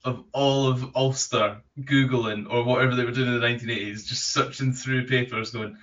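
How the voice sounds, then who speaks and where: A man's voice: mid-range voice, steady tone, moderate pace, a bit bright. Distant, lo-fi male interview host. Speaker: podcast host. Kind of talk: casual interview chat. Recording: distant dull lo-fi sound.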